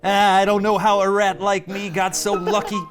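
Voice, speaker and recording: A man's voice: completely flat delivery, moderate pace, music in the background, close to an everyday voice. A man voicing a scrappy, street-wise male rat in a puppet comedy sketch, in a theatrical attempt at a Brooklyn accent that keeps drifting. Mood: dreamy. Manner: squeaky, theatrical, drifting between voices.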